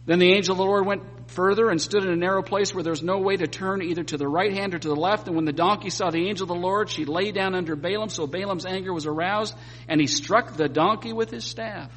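A man preaching a sermon and reading scripture aloud, telling it with lively joking asides. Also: high-pitched, fast. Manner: animated storytelling with joking asides. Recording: long hall reverb, faint hum.

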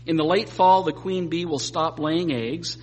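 Man, preacher, sermon, animated storytelling, fairly high voice, long hall reverb, faint hum. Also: measured pace. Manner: animated storytelling with joking asides. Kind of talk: sermon with scripture reading.

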